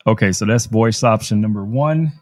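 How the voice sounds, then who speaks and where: A man's voice: on the low side, moderate pace, a little mellow, slight background noise. A man hosting a casual live-stream tech demo from his studio, chatty and thinking aloud as he works. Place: home studio.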